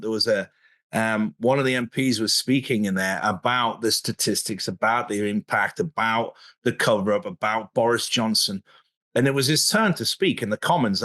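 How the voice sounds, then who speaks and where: A man in a casual video interview, telling stories in an animated way and often chuckling mid-sentence. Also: medium pitch.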